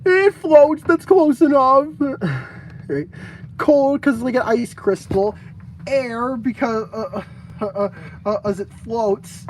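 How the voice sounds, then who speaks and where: A woman's voice: fairly high pitch, takes it slowly, darkish tone, slight background noise, low-quality recording. A young woman casually reading out her fan-game designs to a friend, stumbling and laughing at her own ideas. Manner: giggly, stumbling and self-mocking.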